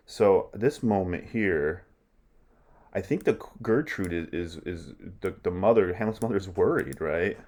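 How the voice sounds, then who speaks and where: A man's voice: sits low, lively intonation, measured pace, a little mellow. A man teaching a class about a play, explaining lines in a casual way with many asides. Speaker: literature teacher. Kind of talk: lecture on a play.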